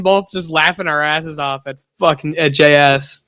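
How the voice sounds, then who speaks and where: A man's voice: on the high side, level tone, moderate pace, few pauses, a bit bright, smooth, no room sound. A young man streaming, telling a profane party story with frequent laughter. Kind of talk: casual chat.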